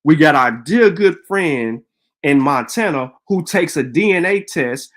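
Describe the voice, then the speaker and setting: Profane, combative man with lively pitch. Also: unhurried. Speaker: live stream host. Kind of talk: heated live stream rant.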